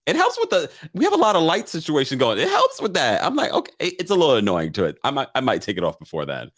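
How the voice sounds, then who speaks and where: A man's voice: on the high side, huge pitch swings, fast, a bit bright. A man hosting a casual livestream recap, chatting animatedly and reading viewer comments aloud into a webcam mic. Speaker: live-stream recap host.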